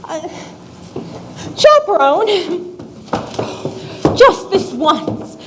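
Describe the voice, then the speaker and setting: A woman's voice: very high voice, background noise, full character voice. A woman playing a glamorous young starlet bride with a sweet, theatrical manner.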